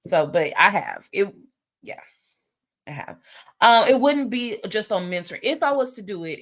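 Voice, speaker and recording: Chatty low-voiced woman. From United States. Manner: animated, chatty, reads questions aloud, addresses viewers as y'all. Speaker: host answering viewer questions. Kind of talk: casual live Q&A chat. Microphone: phone or webcam for a live stream.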